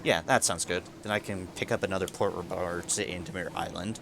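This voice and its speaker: Low, gravelly man playing a game. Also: steady tone, brisk, noisy background. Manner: muses aloud, reads game text to himself. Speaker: let's play streamer. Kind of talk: casual game commentary.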